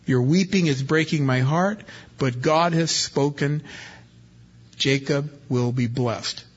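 A man voicing an old, grieving father who has resigned himself to his fate, speaking slowly and tenderly. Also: a little high, husky. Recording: dull lo-fi recording.

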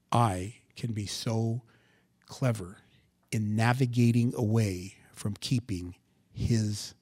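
Animated male preacher, dry close sound. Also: lowish voice, no room sound. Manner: animated, rhetorical questions, dramatic swings from quiet to loud. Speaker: pastor. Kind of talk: sermon.

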